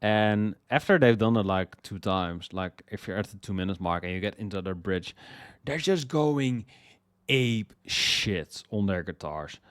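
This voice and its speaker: A young music list host with a smooth, fairly low voice talks a little slowly and casually about songs he loves. As his excitement builds he rambles, trips over repeated words and swears freely. The recording is dry and close, with no room sound.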